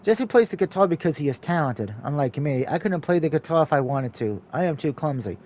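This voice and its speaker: A man streaming a story game, reading its text aloud and breaking off for quick, joking asides. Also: on the high side. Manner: mixes steady reading with quick, jokey asides.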